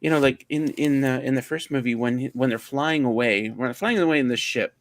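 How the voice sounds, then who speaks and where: A man's voice: medium pitch, brisk. A man co-hosting a livestream, chatting casually and rambling as he searches for words. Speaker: livestream co-host. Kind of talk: casual chat.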